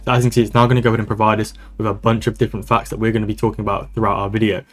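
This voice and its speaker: A man walking through a software tutorial over a screen recording, talking in a brisk, casual, upbeat way. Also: on the low side, level tone. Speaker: online business coach.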